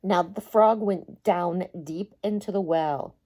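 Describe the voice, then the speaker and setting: Slow, gentle woman reading a storybook. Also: on the low side. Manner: slow, gentle and expressive, chatting with young listeners. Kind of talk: reading a picture book aloud to children.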